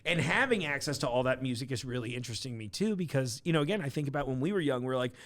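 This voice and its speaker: A man co-hosting a casual podcast, chatty and jokey, with quick short replies as he listens. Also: medium pitch, animated, fairly bright tone. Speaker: podcast co-host.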